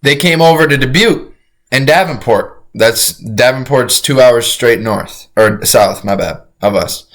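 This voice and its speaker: A man streaming a reaction to a crime video, talking casually to his chat, excitable and profane, rambling with frequent restarts. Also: mid-range voice, unhurried.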